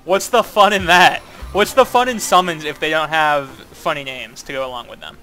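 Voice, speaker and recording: A man with a bright, fairly high voice talks through a co-op game session, rambling and joking with plenty of fillers. Soft game music plays behind him. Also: moderate pace. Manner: rambling, playful, lots of "like". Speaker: co-op gameplay commentator. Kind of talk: casual gaming chat.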